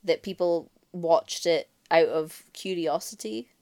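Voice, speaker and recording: A woman's voice: fairly low pitch, takes it slowly, dark tone. A woman co-hosting a podcast in casual chat, playful and chatty, trailing off with fillers. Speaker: podcast co-host.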